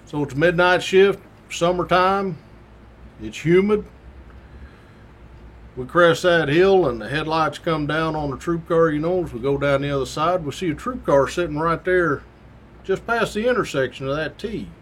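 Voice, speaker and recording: A man's voice: a little high, moderate pace. A former state trooper telling a story from his patrol days in a folksy, slangy way. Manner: folksy, colorful, down-home slang. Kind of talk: casual anecdotal storytelling.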